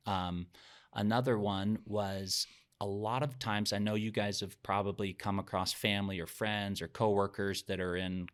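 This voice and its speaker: Middle-aged male podcast guest, low voice, earnest reflective storytelling. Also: fairly bright tone. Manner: earnest, reflective, sometimes emotional. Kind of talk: heartfelt personal storytelling.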